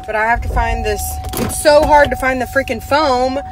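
A woman, talking casually and excitedly to her phone camera as she shops in a fabric store. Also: high-pitched, normal speed. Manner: chatty, excitable, says "y'all" and "freaking". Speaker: vlogger. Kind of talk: casual vlog narration. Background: background music.

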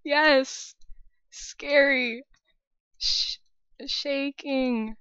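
A woman's voice: high-pitched, fairly even intonation, drawn-out words, sharp tone, dry recording, dull audio. A young woman narrating her own game as a let's-play host, nervous and shaky, talking to herself and her viewers. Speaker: gaming channel host.

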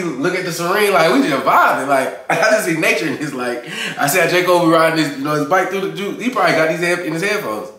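A man's voice: a little high, lively intonation, fast, few pauses, pushed and bright, far from the mic. Hyped man reacting to music. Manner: hyped, chatty, talks over the track. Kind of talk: casual music reaction commentary. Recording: echoey room with music playing.

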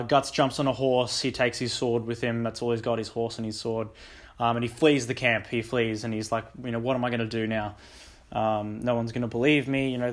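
A man's voice: medium pitch, a bit bright. A young man hosting a book channel, casually recapping a story in a rambling way full of ums and likes. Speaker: book discussion channel host.

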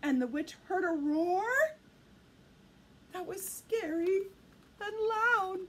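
A woman reading a picture book aloud to children in an animated, sing-song way. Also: very high-pitched, takes it slowly, slight background noise. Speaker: children's storyteller.

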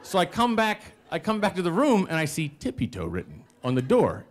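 A man in his forties telling a comic personal story live on stage, self-mocking, with animated quoted voices and audience laughter behind. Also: high voice, brisk.

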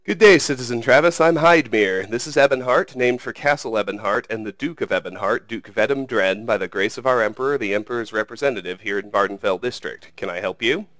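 A man's voice: medium pitch, brisk, few pauses, a bit bright, dry recording, close to an everyday voice. A man reading game text who voices a proud noble knight giving a formal greeting.

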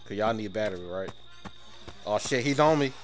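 A man talking live to his teammates while gaming, excitable and panicky, joking and swearing a lot. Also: fairly low pitch, moderate pace. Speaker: gamer. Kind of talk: live gameplay chat with teammates. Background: game music.

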